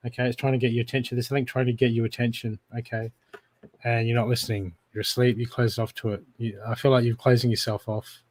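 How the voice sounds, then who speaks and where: A man's voice: medium pitch, little pitch movement, fast talker, a little mellow. Australian male intuitive reader, live-stream readings, direct address, keeps checking in with the viewer.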